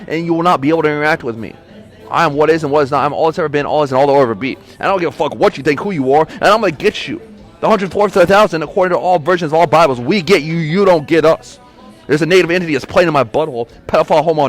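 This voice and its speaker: A man ranting alone on a podcast, angry, profane and accusatory, breaking into shouted bursts. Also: a little high. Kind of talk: solo rant.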